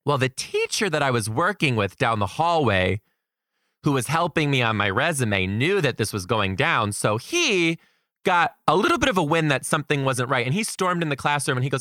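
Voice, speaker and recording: A man's voice: mid-range voice, normal speed, no echo, clean studio sound. A young adult man, a teacher, telling a story and giving emphatic career advice. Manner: animated, emphatic, quotes people dramatically.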